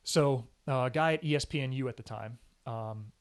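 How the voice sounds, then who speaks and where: A man, a sports anchor, telling career stories in a casual interview, energetic and emphatic, often acting out what people said. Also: medium pitch, moderate pace. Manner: animated storyteller, often acts out quoted speech. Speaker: sports anchor and reporter, podcast guest.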